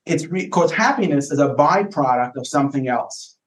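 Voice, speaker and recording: A man's voice: a little high, animated, moderate pace. A rabbi talking with a podcast host, explaining ideas thoughtfully and often repeating words as he searches for the right phrasing. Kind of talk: casual explanatory conversation. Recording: echoey room.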